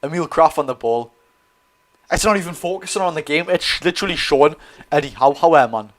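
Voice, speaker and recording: A young man with a Geordie accent hosting a live football watch-along, chatty and excitable, reading viewer comments aloud. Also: fairly high pitch, a little fast. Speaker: streamer and host.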